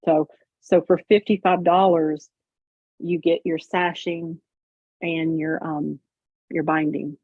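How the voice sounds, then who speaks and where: A woman's voice: low voice, level tone, slow, long pauses, no echo, phone-quality sound. A woman hosting a casual livestream, explaining step by step with lots of fillers. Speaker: host. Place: home sewing room on a video call.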